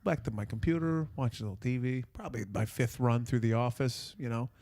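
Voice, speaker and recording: A man telling a long, rambling story on a podcast, mid-pitched and animated, swearing and restarting as he goes. The room sounds dry and close. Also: fairly quick, dry recording. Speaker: podcast host.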